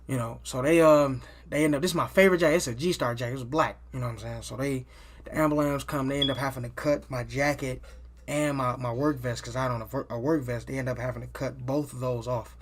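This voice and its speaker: A man's voice: mid-range voice, fairly even intonation, fast, a little hiss or hum. A man telling a personal story in a casual, loose monologue. He swears freely, restarts his sentences and keeps adding "you know what I'm saying".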